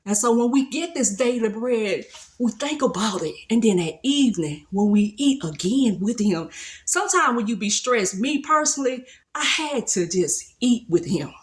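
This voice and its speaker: A woman's voice: fairly high pitch, animated, normal speed. A woman giving a casual devotional talk, retelling a Bible story in a colloquial, conversational way. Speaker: speaker sharing a devotional.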